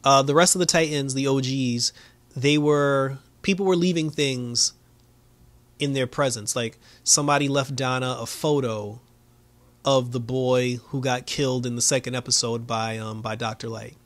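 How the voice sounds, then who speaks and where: A man talks through a TV episode in a loose, unscripted recap, full of fillers and the odd laugh. His voice sits at an ordinary middle pitch. The sound is close and dry, with no room echo. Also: fairly even intonation, normal speed. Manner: loose, lots of fillers, laughs often, acts out quotes. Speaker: show reviewer.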